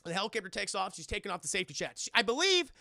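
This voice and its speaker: A man with a bright, gravelly voice recaps a movie live for his chat, swearing freely and acting out the characters' lines. His voice sits high and his sound is dry and close. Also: racing, no echo. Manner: profane, animated, acts out characters' lines. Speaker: streamer and film reviewer.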